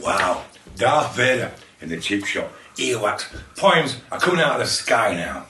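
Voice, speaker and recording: Bright, lively man teaching silly poems. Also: mid-range voice, a little slow, slight background noise. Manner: playful, exclamatory, giggly. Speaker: children's poet. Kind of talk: lively poetry workshop for children. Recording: echoey room.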